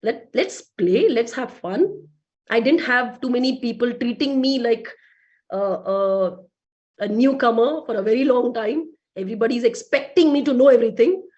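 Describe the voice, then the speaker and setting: A woman giving a lively motivational talk to a business team, asking rhetorical questions. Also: fairly high pitch, moderate pace, dull audio. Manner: lively, acts out quoted voices, rhetorical questions. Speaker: motivational speaker.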